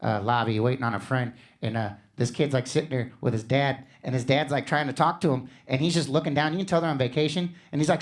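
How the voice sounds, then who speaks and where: A man in his thirties from Missouri doing a stand-up comedy set, animated and jumping into loud mock voices for his bits. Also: medium pitch, quick pace, hardly any pauses. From Missouri, USA.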